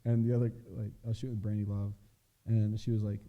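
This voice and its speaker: A man's voice: lowish voice, level tone, quick pace, lo-fi sound. A young man telling a story as a guest on a casual chat show, in a loose, laid-back way, full of fillers and swearing. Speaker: podcast guest, adult film performer.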